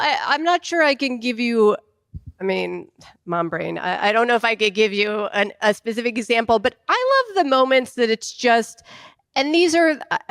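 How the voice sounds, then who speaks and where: A woman executive producer on a festival panel speaks in a smooth, resonant voice. She hedges and restarts, trying to pin down what she means. The sound is dry and close. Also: mid-range voice, no echo. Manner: hesitant, searching for words, warm laughs. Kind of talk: casual panel talk.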